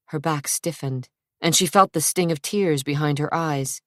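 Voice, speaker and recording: A woman narrating an audiobook in a measured, unhurried way, close to the mic. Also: low voice, no room sound. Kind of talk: scripted narration.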